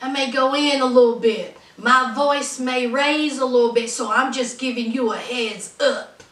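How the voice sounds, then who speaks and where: Sassy high-voiced woman vlogger. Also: fairly even intonation, a little slow, a bit bright. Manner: sassy, outspoken, calls viewers honey and y'all. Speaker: reality TV recap vlogger. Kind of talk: casual commentary. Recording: roomy echo, distant from mic.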